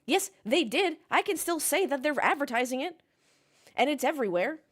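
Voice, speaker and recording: A young woman's high, expressive voice moves at a moderate pace as she hosts a livestream from her Melbourne home, watching a race alongside chat. Casual and chatty, she reads comments aloud and rants, swearing now and then.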